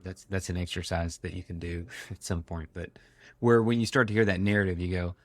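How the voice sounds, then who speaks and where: A man's voice: low-pitched, flat delivery, fairly quick. A man hosting an interview, asking questions in a conversational way with some hesitation. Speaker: podcast host.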